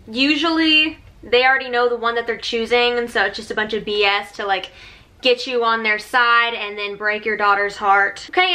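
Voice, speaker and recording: Bright, high-voiced sarcastic woman. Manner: sarcastic, chatty, mock-enthusiastic. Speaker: vlogger recapping a reality show. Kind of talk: casual sarcastic recap commentary.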